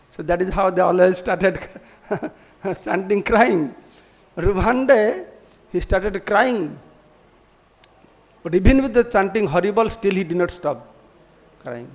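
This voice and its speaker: Monk with a high voice, lively devotional storyteller for a class talk. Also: male voice, normal speed. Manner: storytelling, acting out quoted voices, often laughing. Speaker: monk giving a scripture class.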